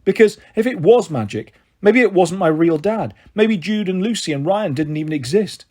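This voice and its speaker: A man reading a children's novel aloud, giving an expressive first-person narration. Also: high-pitched, moderate pace. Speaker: storyteller.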